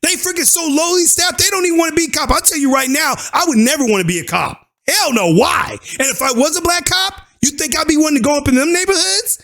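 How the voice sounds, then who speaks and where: High, gravelly man ranting. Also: fast, hardly any pauses. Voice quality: forceful, preachy rant with slang. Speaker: YouTube commentator. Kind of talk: ranting commentary.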